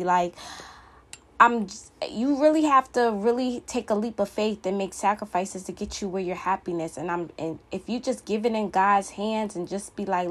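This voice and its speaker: A young woman hosting her own podcast, talking candidly and emphatically in a casual monologue full of fillers. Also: mid-range voice. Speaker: podcast host.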